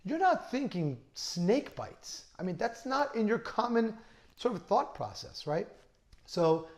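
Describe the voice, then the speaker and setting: A man in his thirties, a plastic surgeon, telling a first-person story in a lively, conversational way and acting out the dialogue. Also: on the high side, vocal fry. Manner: animated, conversational, acts out dialogue.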